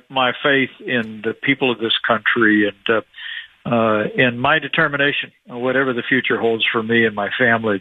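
A man in his sixties from Indiana, a guest on a radio show, talks in a measured, earnest way with frequent pauses. His voice sits at an ordinary pitch. It comes through a thin, tinny phone line with no room echo. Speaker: guest, former politician.

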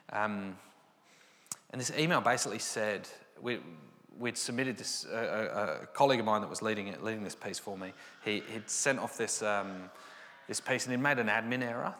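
Giving a personal Christian testimony, a man tells his story and acts out the dialogue in a lowish, slightly bright voice. The recording carries a long hall reverb.

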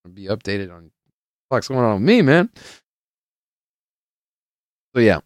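Young male podcast host, very low and smooth voice, loose and profane, rambling storyteller. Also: sing-song, unhurried, dry recording, studio quality. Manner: rambling and profane, heavy on filler words; loose storyteller who plays out the people in his stories. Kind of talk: casual chat.

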